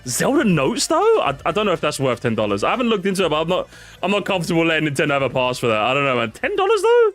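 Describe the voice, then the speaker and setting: Male streamer, casual react-stream talk, swings his pitch all over, laughs a lot. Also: racing, faint music behind. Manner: excitable, laughs often, swears casually.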